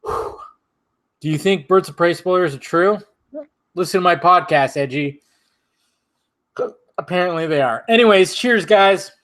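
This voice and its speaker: Rambling hiccuping man with a higher voice. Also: a little slow, long pauses. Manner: rambling, swearing, laughing, animated rants. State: hiccuping, drinking. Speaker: channel host. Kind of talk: casual drinking-stream chat.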